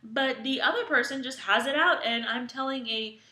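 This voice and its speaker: An animated young woman co-hosting a podcast, emphatic and full of opinions. Her voice is a little high and bright, and the room is echoey. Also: moderate pace. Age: young adult. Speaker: podcast co-host. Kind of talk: casual podcast chat.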